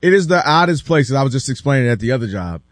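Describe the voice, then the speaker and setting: Excitable male sports radio host. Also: medium pitch, dry recording, studio quality. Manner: excitable, quick riffs and mimicry. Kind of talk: casual sports talk.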